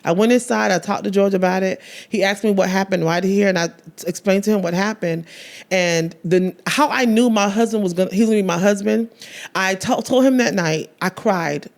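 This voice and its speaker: Gravelly-voiced woman telling her story. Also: on the low side. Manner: emotional, earnest storytelling, acts out quoted dialogue. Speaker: guest. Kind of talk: personal story in interview.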